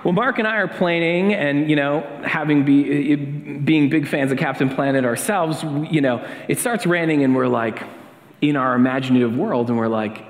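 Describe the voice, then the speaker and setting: Casual pastor preaching in an echoey hall. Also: male voice, fairly high pitch, normal speed. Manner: casual, chatty, with fillers and restarts. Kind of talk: sermon with a personal story. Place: church sanctuary. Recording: echoey hall with long reverb.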